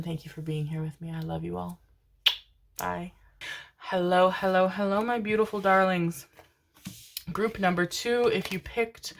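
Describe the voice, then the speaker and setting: A woman giving a casual tarot reading to camera, gushing and affectionate, swearing freely and calling her viewers darlings. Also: lowish voice. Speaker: tarot reader.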